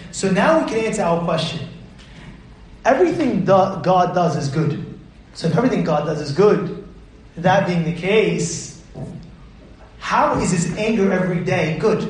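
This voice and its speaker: A man, a rabbi, giving an emphatic Torah class lecture, repeating his points and putting questions to his listeners. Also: sits high. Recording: roomy echo.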